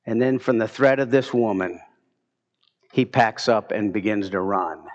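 A man's voice: lowish voice, a little slow. A man preaching a sermon, building to emphatic bursts as he retells scripture stories. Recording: muffled, dull lo-fi sound.

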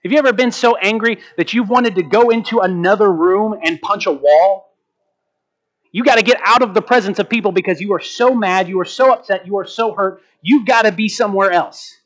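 A man preaching a sermon as pastor, slowing down to stress key words and asking rhetorical questions. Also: sits high, a bit bright. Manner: asks the congregation rhetorical questions.

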